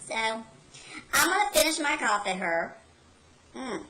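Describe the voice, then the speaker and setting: A woman's voice: fairly high pitch, sing-song, takes it slowly, pushed and bright, full character voice, rough recording. A woman playing a brash, rebellious carnival worker, telling a rambling folksy story as a comedy character monologue.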